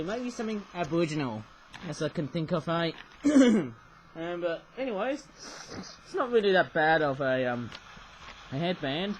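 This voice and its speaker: A man's voice: on the high side, a little hiss or hum, rough recording. A man casually reviewing toys on his own channel, rambling and tacking "though, eh?" onto his sentences. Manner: rambling, keeps adding "though, eh?". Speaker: toy reviewer. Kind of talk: casual toy review vlog. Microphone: webcam.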